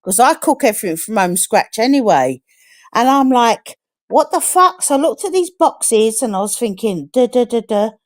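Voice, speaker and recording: A woman's voice: on the high side, expressive, normal speed, a little mellow. A middle-aged woman from England in casual chat on a live stream, frank and chatty, swearing freely.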